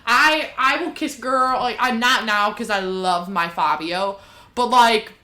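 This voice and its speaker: A young woman co-hosting a podcast, telling stories with lots of swearing and loud acted-out quotes. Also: fairly high pitch, measured pace. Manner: animated storyteller, swears freely, acts out quotes loudly. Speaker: podcast co-host. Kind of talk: casual chat.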